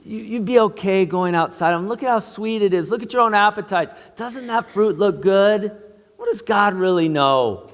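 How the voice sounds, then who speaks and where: Man as tempter serpent, coaxing and persuasive, slightly high, reverberant church sound. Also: moderate pace, natural voice. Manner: wheedling, persuasive.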